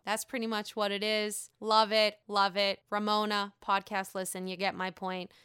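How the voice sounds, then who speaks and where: Bright-voiced, gossipy woman podcaster. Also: mid-range voice, flat delivery, a little slow, hardly any pauses, clean tone, no room sound, studio quality. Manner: gossipy, profane, playful. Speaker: podcast host. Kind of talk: casual solo podcast recap.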